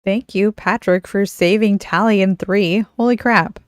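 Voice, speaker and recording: A woman's voice: medium pitch, steady tone, measured pace, no room sound. A woman co-hosting a podcast in casual chat, reading segments aloud on a close mic. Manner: chatty, reads segments aloud. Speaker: podcast co-host.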